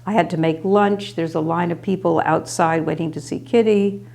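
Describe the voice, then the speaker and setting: Gravelly older woman telling stories. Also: on the low side, fairly even intonation, moderate pace, a little mellow. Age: 60s or older. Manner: rambling and anecdotal with small laughs. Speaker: storyteller. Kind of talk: reminiscing oral history.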